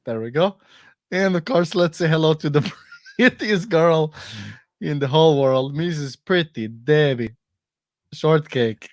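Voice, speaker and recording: A man's voice: a little high, lively intonation, a little slow, long pauses, dry recording, studio quality. A man hosting a casual live-stream comedy chat, playful and joking, laughing often. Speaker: host.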